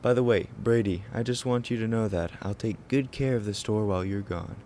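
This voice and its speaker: A man's voice: on the low side, fairly quick, noisy background, lightly acted. A man playing a smug gloating officer. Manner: smug, mocking.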